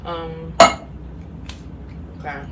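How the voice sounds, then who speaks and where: A young woman chatting casually in her home kitchen as a mom vlogger. She laughs often and gets teary and sentimental as she talks. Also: very slow. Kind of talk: casual kitchen vlog chat. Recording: noisy home recording.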